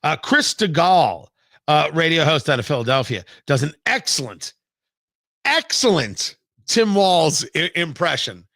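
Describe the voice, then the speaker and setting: High, bright-voiced sarcastic male talk host. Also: very animated, measured pace, no echo, clean studio sound. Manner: sarcastic, mocking, emphatic. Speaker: radio talk show host. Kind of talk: opinion commentary monologue. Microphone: studio microphone, live-streamed show.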